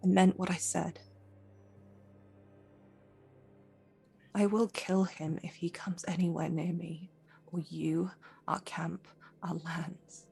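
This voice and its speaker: A terrified young noblewoman in a tabletop game speaks in a whispered role-play, as a woman acts her out. Her voice is husky and gravelly and trembles with anger and fear. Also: lowish voice, flat delivery, unhurried, mellow, heavily acted. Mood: fearful fury.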